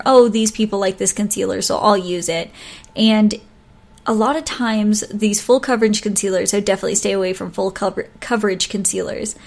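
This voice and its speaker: A woman hosting a solo podcast, giving advice in a chatty, casual way, often stumbling over words and laughing at her own slips. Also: mid-range voice. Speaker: podcast host.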